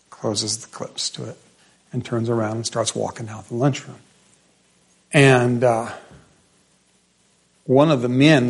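A man preaching a sermon, telling a folksy story and speaking directly to his congregation, dropping to a soft, quiet voice for quoted lines. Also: medium pitch. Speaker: pastor.

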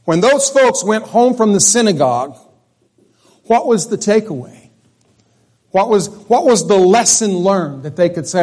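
A man's voice: sits high, expressive, unhurried, a little mellow. A man preaching a sermon in a folksy, conversational way, often restarting his sentences. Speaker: pastor.

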